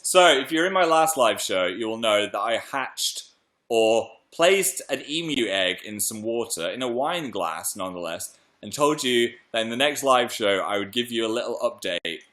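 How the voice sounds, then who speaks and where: A young British man chatting excitedly on a live stream and reading viewer messages aloud. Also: on the low side, moderate pace. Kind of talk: casual live stream chat.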